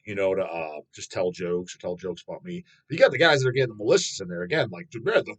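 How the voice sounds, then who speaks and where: A man's voice: low-pitched, animated, quick pace, poor audio. A man in his thirties who hosts his own channel, answering fan questions in a rambling, blunt monologue full of swearing. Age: 30s. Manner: profane, blunt, swears constantly, laughs at himself.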